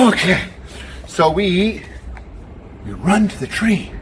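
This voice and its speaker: Slow, lively man leading a kids' walk. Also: sits high. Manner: slow, exaggerated, coaxing kids to join in. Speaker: children's presenter. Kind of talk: children's educational walk-along. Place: outdoors by a river. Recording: outdoor noise with passing traffic.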